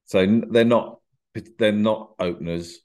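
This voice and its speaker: A man's voice: lowish voice, fairly even intonation, unhurried, darkish tone. A man guesting on a podcast, talking shyly with dry, self-deprecating humour. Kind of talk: casual podcast interview.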